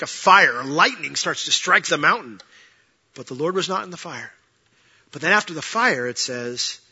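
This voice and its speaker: A man preaching a sermon, animated, swinging between loud bursts and hushed asides while acting out the quoted voices. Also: fairly high pitch, husky. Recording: dull lo-fi sound.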